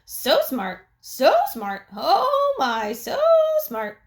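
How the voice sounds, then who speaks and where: A woman's voice: on the high side, wildly swooping pitch, very slow, reverberant, pitched above the performer's own voice, full character voice. A woman voicing a chattering pet mynah bird that squawks back every phrase it hears. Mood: squawking. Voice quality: squawky, parroting repetition.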